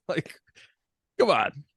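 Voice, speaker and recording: A man's voice: very slow, a bit bright, dry recording, studio quality. A man who teaches, co-hosting a podcast in casual chat, laid-back, swearing and laughing often.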